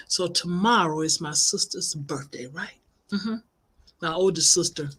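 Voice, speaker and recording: A middle-aged woman, a life coach and minister, telling inspirational stories in an animated, expressive way. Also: lowish voice, moderate pace, slightly rough. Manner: animated, expressive, acts out quoted voices. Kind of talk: inspirational storytelling broadcast.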